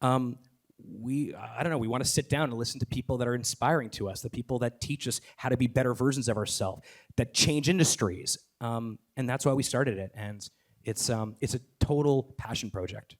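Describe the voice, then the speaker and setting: A man talking onstage as a podcast host, enthusiastic and rapid, with many fillers, restarts and the odd swear word. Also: mid-range voice. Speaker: podcast host and guest speaker. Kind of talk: live onstage conversation.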